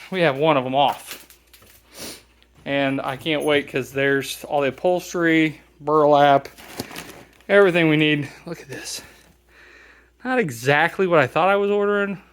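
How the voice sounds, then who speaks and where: A man talking casually while working on a car seat in his garage, thinking aloud with plenty of fillers. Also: fairly high pitch. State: slightly out of breath at times. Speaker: DIY car restorer. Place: home garage.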